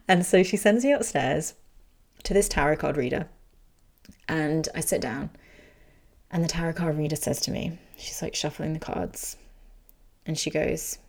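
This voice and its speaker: A woman hosting a podcast, telling a personal story in frank, animated casual talk and swearing freely. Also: low voice, normal speed.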